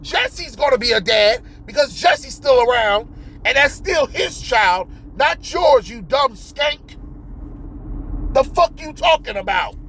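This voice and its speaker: Commentator: fired-up man with a high voice, loud, profane, exasperated rant. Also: animated, takes it slowly, slight background noise, low-quality recording. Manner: loud, exasperated, swears constantly, shoots up to yelps. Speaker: video commentator.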